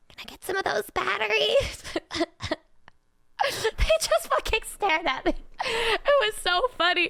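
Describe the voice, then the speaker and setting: A woman streamer telling stories to her viewers in casual chat, animated, laughing often, swearing freely and slipping into a mock-whiny tone. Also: high voice. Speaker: streamer and singer.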